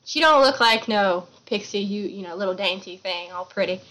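A woman's voice: mid-range voice, normal speed, a bit bright, a little hiss or hum, rough recording. A woman, co-hosting a casual book chat, retelling a story playfully and slipping into silly voices. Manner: playful, laughs often, slips into silly voices. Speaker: book podcast co-host.

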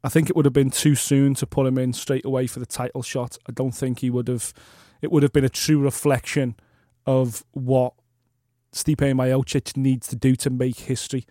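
An eager man chats about fights on a podcast, leaning hard on his key words. His voice is mellow and dark. The sound is dry and close to the mic. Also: mid-range voice, flat delivery, moderate pace, no echo. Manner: enthusiastic, emphatic. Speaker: podcast co-host. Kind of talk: casual MMA podcast chat.

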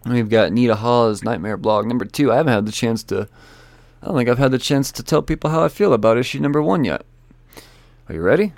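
A man's voice: mid-range voice, fairly quick, vocal fry, a little mellow, dry recording. A man casually running through the week's new comic books, rambling, joking and swearing as he goes. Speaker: comic book shop owner reviewing weekly releases. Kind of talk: casual solo chat about new releases.

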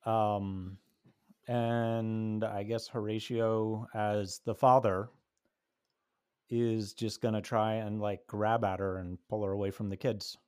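A man's voice: lowish voice, little pitch movement, slow pace, a little mellow, clean tone. A man playing a tabletop horror game, casually thinking out his character's moves aloud. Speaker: player.

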